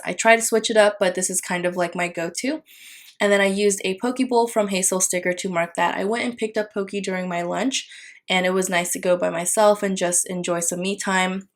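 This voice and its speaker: A young adult woman casually narrating a plan-with-me voiceover, chatty with frequent fillers and little apologies. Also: lowish voice. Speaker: planner vlogger.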